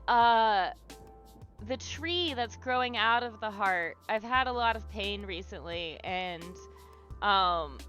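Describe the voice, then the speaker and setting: Bright chatty young woman livestreaming. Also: mid-range voice. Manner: chatty and rambling, many fillers and restarts, swears casually; warm and encouraging to viewers. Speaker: livestream host leading an art therapy exercise. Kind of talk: casual livestream chat while drawing.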